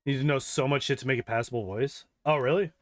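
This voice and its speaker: A man's voice: mid-range voice, quick pace. A man chatting casually and rambling while playing a game, swearing freely and laughing often. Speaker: gaming streamer.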